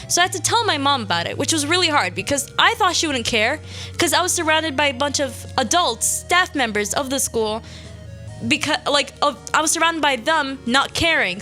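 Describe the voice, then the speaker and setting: A woman's voice: high voice, bright, forceful tone. A young woman from Syria, hosting a radio show and telling stories from her school days in a chatty way. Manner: chatty, quick asides and quoted voices. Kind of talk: casual storytelling monologue.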